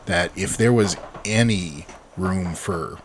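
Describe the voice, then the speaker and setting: Deep-voiced man explaining at length. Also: takes it slowly, slight background noise. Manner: rambling, explanatory, sweary. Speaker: podcast co-host. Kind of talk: casual chat.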